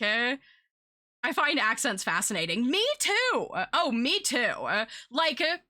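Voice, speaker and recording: A woman's voice: on the high side, pushed and bright. A young woman with a Southern US accent touched by British vowels, chatting casually as a streamer, rambling with many fillers. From United States. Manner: chatty, rambling, full of filler words and laughs. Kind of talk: casual chat while drawing.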